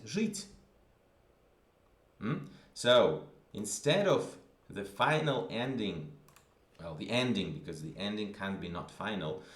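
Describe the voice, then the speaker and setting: Slow, patient male language teacher, roomy echo. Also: on the low side. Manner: patient, repeats examples with frequent "okay?" checks. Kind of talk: spoken grammar lesson.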